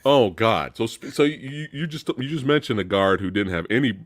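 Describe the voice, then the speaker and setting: A man hosting a casual film chat, retelling scenes in an animated, swearing way. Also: medium pitch, moderate pace, dry recording. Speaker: host.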